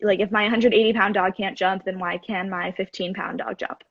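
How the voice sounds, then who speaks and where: A woman's voice: mid-range voice, steady tone, moderate pace, vocal fry, breathy edge, no echo. A woman in her twenties, a guest in a casual chat, explaining earnestly and at length. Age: 20s. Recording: dull dry call audio.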